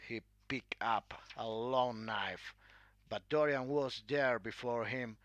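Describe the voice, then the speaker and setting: A man narrating a classic story, reading in a clear, measured way. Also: medium pitch, fairly even intonation, a bit bright, no room sound.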